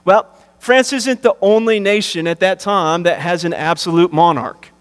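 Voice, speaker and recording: High-voiced preaching man in reverberant church. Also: a bit bright, clean tone. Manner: emphatic preaching, slows and rises on key phrases; conversational asides with fillers and repeats. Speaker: pastor. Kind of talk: sermon. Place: church sanctuary.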